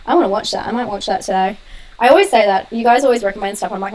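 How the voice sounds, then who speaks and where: Young woman on a live stream answering viewer questions, chatty and fast, laughs a lot, talking at her webcam at home. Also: medium pitch, steady tone, darkish tone, rough recording. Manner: chatty, quick, laughs often, reads out viewer comments. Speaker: horror channel host.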